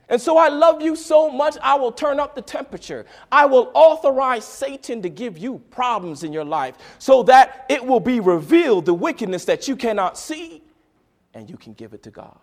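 A man preaching a sermon, swinging between quiet, intimate lines and loud, dramatic bursts as he acts out a story. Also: very high-pitched, expressive, moderate pace. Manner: dramatic swings from soft to loud, acting out voices.

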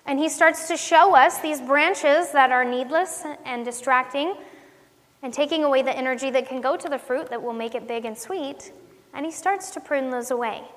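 A woman with a high, somewhat bright voice and a moderate pace teaches a devotional sermon with real earnestness. As a ministry teacher she keeps it conversational, questioning her listeners, and long hall reverb fills the recording.

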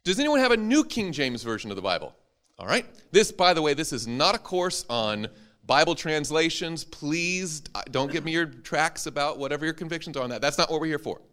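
A man's voice: fairly high pitch, very animated, a little fast, fairly bright tone. A man, a preacher, teaching an interactive Bible class to a live audience, joking and quizzing them as he goes.

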